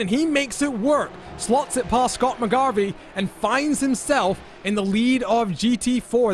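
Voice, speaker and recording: A man calling live sim racing as lead commentator, with energetic play-by-play that he hands over to his co-commentators. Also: high-pitched, slight background noise.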